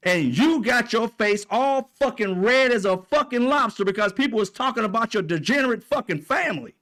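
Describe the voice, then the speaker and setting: A man's voice: very high-pitched, expressive, fairly quick, fairly bright tone. A man hosting his own commentary channel, delivering a heated, profane political rant. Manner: profane, fired up, repetitive.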